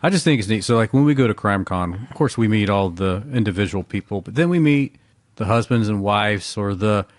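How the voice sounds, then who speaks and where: A man's voice: on the low side, expressive, brisk, no echo. A man co-hosting a podcast, talking in a laid-back, casual way. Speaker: podcast co-host. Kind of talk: casual chat.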